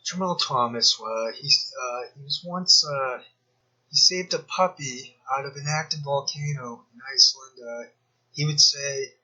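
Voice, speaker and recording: Sarcastic rambling man, husky and bright. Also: medium pitch, unhurried, muffled recording. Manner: sarcastic, digressive, mocking asides. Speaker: commentary YouTuber. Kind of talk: rambling screen-share commentary.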